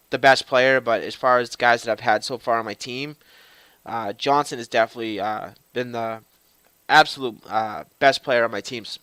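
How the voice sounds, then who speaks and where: A man's voice: mid-range voice, sharp tone, clean tone, dry recording. A man, hosting a casual gaming vlog, rambling and swearing, repeating words as he goes, a little out of breath. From Boston. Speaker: gaming channel host.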